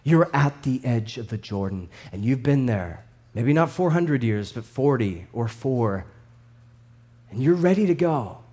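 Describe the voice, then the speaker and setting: A man in his thirties preaching a sermon as a pastor, animated and storytelling, swinging between hushed and loud with laughs. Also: mid-range voice, a little slow.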